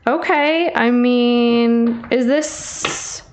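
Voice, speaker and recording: A woman's voice: a little high, extremely slow. A woman giving a casual tarot reading, chatty and teasing, calling the listener babe. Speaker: tarot reader.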